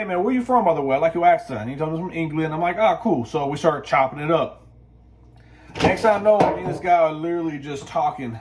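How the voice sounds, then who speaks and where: A man telling a story in a relaxed, rambling way as a vlogger, often repeating himself. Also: a little high, a little hiss or hum. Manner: laid-back, rambling, repeats phrases. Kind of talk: casual storytelling monologue.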